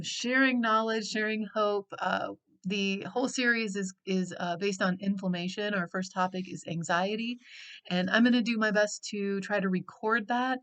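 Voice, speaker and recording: A middle-aged woman and life coach giving an unscripted teaching talk, speaking slowly and reflectively with frequent pauses and fillers. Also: mid-range voice, fairly bright tone.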